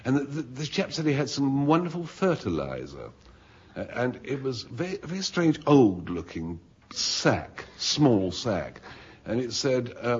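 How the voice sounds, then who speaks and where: An older English man with a husky voice telling a comic anecdote on a panel show, rambling and amused at himself, with many restarts. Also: mid-range voice, big pitch swings, measured pace. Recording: dull lo-fi radio recording.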